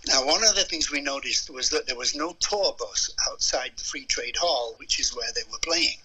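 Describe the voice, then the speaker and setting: An older man, telling stories as a musician guest in an interview, animated and acting out the people in them. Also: medium pitch, moderate pace, slightly rough, rough recording. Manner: animated storyteller who acts out voices and hums melodies. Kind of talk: anecdotal storytelling interview.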